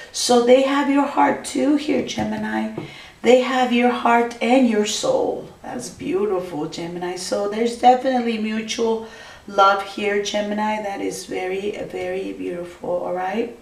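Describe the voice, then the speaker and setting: Woman tarot reader for a vlog, gushy and reassuring, mid pitch, echoey room, a little off mic. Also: steady tone, unhurried, gravelly, far from the mic. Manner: keeps addressing the viewer by star sign, gushing and reassuring. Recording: roomy, voice from off the mic.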